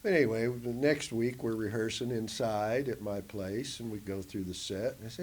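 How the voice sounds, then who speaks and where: A man, a band member, telling stories in a casual oral history interview in a museum, animated at times and dropping soft on sad parts. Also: lowish voice, moderate pace, hardly any pauses, a little hiss or hum. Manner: animated, acts out quotes in a raised voice.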